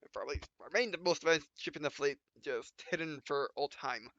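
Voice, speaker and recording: A man's voice: a little high, fairly quick, pushed and bright, no echo. A man hosting a let's play, rambling casually and correcting himself as he stumbles over words. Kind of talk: casual gameplay commentary. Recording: dull lo-fi dry recording.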